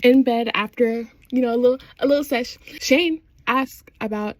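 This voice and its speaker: A woman chatting excitedly through a show recap, slangy and quick to laugh. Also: on the high side, dry recording. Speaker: vlogger.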